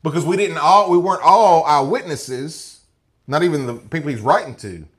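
A man's voice: on the high side, normal speed. A man teaching through a Bible passage to a class, reading verses aloud and often checking in with listeners by asking "okay?" or "right?". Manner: reads scripture passages aloud.

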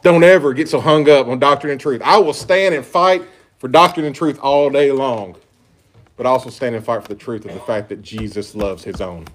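A pastor preaching an earnest sermon, reading scripture aloud with emphatic stresses. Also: male voice, medium pitch, moderate pace.

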